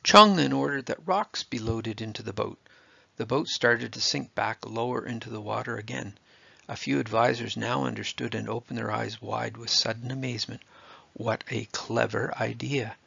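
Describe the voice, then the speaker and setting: A man with a gravelly, husky voice reading a children's story aloud in a steady, expressive way. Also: medium pitch, normal speed, no room sound. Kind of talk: scripted storybook narration. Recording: dull lo-fi dry recording.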